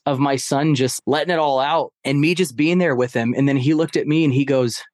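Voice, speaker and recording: A man on a podcast, telling a family story in a casual, animated way and acting out the quotes. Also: medium pitch, brisk, hardly any pauses, dry recording, clean studio sound. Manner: animated, acts out quotes of his stepson. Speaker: podcast guest.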